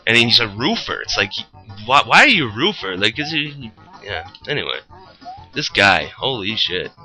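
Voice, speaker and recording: A man's voice: on the low side, moderate pace, faint music behind, rough recording. A young man telling a rambling, profane story about his job as a roofer, in casual chat. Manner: rambling, profane, animated retelling.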